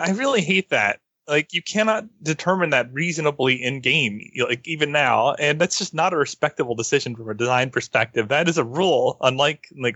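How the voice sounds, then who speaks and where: Bright-voiced opinionated podcast man. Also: medium pitch, no room sound, muffled recording. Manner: frank, opinionated, laughs often. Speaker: podcast co-host. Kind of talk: casual game discussion.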